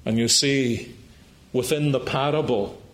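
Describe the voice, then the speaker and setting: A man delivering a sermon at a very slow, deliberate pace. He speaks in a middle-pitched voice, leans on each phrase with dramatic pauses and climbs high when he builds to a climax. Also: steady tone, a bit bright. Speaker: preacher.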